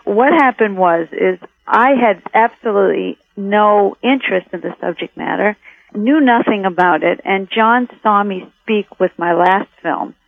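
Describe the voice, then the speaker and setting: A woman who makes documentaries talks through her reasons in a thoughtful way, often restarting her sentences. Her voice comes over a tinny phone line with no room sound at all. Her pitch sits in the middle of the usual range. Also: measured pace, gravelly, no echo. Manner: reflective, with many restarts. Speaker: documentary filmmaker, guest. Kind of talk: interview answers. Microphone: telephone.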